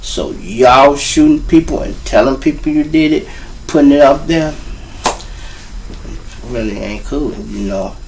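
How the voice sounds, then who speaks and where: A man's voice: medium pitch, unhurried, gravelly, long pauses, distant mic, low-quality recording. A man from Chicago with a Chicago accent, hosting a show and telling street stories in a rambling, profane way that keeps turning to the listeners. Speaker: host. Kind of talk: street storytelling monologue.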